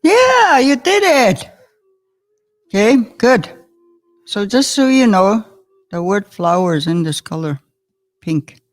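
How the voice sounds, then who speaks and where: A woman leads a patient vocabulary lesson, drawing each word out at a very slow, deliberate pace. Her voice sits at a middle pitch, chatty and given to easy chuckles, with faint music in the background. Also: sing-song. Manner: warm and chatty, often chuckling, sounds out words slowly. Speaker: language teacher.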